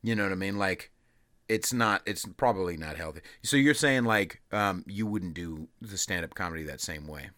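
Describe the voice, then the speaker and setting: Bright-voiced, rambling, profane podcast host. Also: male voice, sits low, moderate pace, dry recording, clean studio sound. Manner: profane, rambling, self-interrupting. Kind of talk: casual chat. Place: rented recording room. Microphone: studio mic with pop screen.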